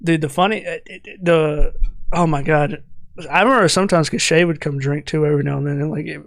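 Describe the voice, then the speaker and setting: Higher-voiced man rambling with swears. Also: fairly quick, creaky, dry recording. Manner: rambling, laughing, heavy swearing. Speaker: podcast co-host. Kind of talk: casual chat.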